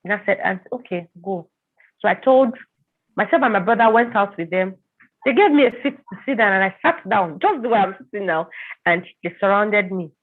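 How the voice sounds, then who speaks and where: A woman's voice: medium pitch, expressive, a little fast. Tinny-sounding woman telling her story. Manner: vivid storytelling, acting out quoted voices. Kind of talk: personal testimony in an interview.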